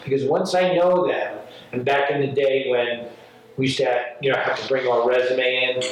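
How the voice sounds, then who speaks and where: In casual conversation, this New York actor rambles through stories, voicing quotes dramatically at a moderate pace and medium pitch. The mic is distant, giving dull, echoey audio with faint ambience.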